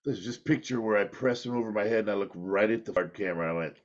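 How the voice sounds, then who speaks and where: A man's voice: fairly low pitch, fast. A middle-aged man, a former pro wrestler, telling rambling, candid stories in an interview and laughing at himself. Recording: dull lo-fi audio.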